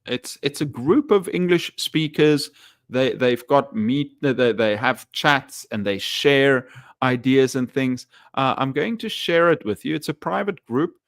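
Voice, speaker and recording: A man's voice: medium pitch, animated, unhurried, dry recording, clean studio sound. A man teaching English on a live stream, chatting loosely and reading viewer comments aloud, full of fillers and restarts. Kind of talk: casual live-stream chat.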